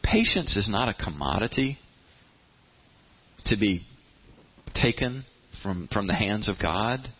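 A man's voice: on the low side, expressive, slow pace, pauses often, husky. Muffled conversational male preacher. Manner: plain-spoken, repeats words, acts out inner voices. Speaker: pastor. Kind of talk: conversational sermon. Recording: slightly muffled, lo-fi.

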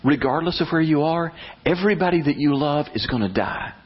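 A man preaching a sermon as pastor, animated and blunt, acting out prayers in a rising voice. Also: on the high side, fairly quick, breathy edge, lo-fi sound.

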